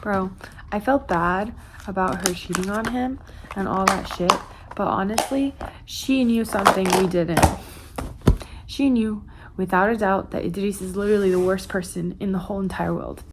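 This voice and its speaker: A woman's voice: mid-range voice, moderate pace, background noise. A woman vlogging casually about a book she is reading, talking emphatically with frequent fillers and restarts, sometimes reading passages aloud.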